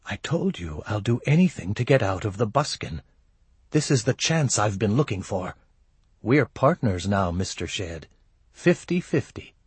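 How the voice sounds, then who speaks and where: A man voicing a cold, scheming young barmaid, in a husky voice. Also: medium pitch, lively intonation, moderate pace, no echo.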